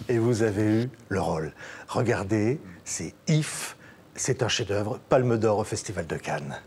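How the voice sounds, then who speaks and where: A man's voice: lowish voice, animated, unhurried, background noise. A male television host interviewing a guest and animatedly retelling the guest's own story back to him. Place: television studio.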